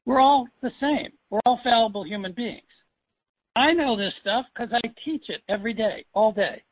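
A man's voice: extremely high pitch, normal speed, no room sound. Emphatic man on a phone line. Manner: emphatic, repeats himself for stress. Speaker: sales coach. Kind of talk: coaching call.

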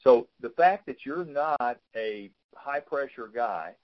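A man's voice: medium pitch, animated, takes it slowly, highs cut off. A man coaching a client on a call, giving frank, fatherly advice and often repeating words as he talks. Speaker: business consultant.

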